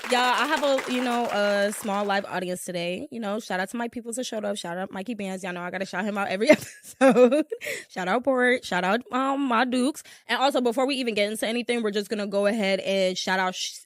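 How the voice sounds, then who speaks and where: Speaking briskly in a mid-range voice, a young podcast host rambles through casual stories for a small live audience, using "like" over and over. The studio-quality recording has no room sound.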